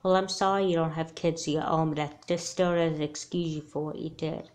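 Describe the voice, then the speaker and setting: A blunt, guarded young girl doll in a homemade doll movie, voiced by a woman. She speaks earnestly in a lowish voice. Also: steady tone, a little fast, darkish tone, natural voice. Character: wary, stubborn young girl doll haunted by nightmares.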